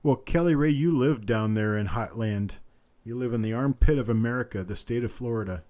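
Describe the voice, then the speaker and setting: Calling a live online auction from what sounds like his home, this auctioneer repeats each bid in a relaxed, mellow chant. His mid-range voice moves fairly quickly, and he fills the gaps with folksy, chatty asides.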